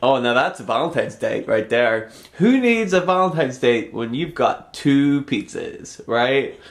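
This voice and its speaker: A man talking through a loose comedy vlog, deadpan and sarcastic, his sentences wandering off into mumbles and restarts. His voice sits at a middling pitch, neither deep nor high. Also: measured pace, vocal fry. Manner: rambling, sarcastic, trails off into mumbles. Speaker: comedy vlogger. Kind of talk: rambling deadpan comedy monologue.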